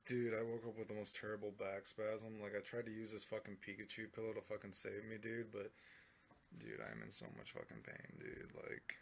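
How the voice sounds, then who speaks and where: A gravelly, lowish male voice comes through with slight background noise. The young man is walking through the city at night, talking into his handheld phone in a rambling, profane vlog full of "dude."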